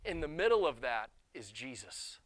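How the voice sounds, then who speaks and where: A male pastor giving a sermon, animated and self-deprecating, telling personal stories and acting out quotes. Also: mid-range voice, moderate pace.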